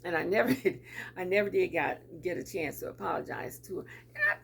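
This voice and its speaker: A woman's voice: lowish voice, huge pitch swings, brisk, creaky, a bit bright, slight background noise. A middle-aged woman talking casually to camera in a lunchtime vlog, chatty, repeating her words and laughing often. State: teary. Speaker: vlogger.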